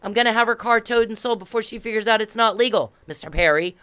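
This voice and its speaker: A woman's voice: on the high side, quick pace, fairly bright tone, clean tone. A woman delivering an angry, confrontational monologue, repeating herself and swearing as she berates the police. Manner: confrontational, repetitive, profane. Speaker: vlogger addressing police.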